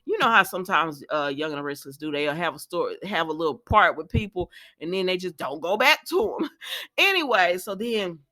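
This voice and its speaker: A woman's voice: on the low side, fairly quick. A woman casually recapping soap opera episodes, chatty and talking straight to her viewers with frequent asides. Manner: talkative, addresses viewers as y'all, frequent asides; lively, acts out quoted lines with laughs.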